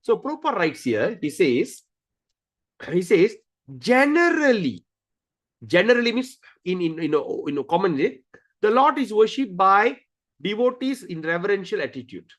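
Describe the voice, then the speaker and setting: Brief: high-voiced, expressive male scripture teacher who circles back over key words. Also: moderate pace. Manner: animated, acts out stories with voices; repeats key words, restarts sentences. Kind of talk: scripture study lecture.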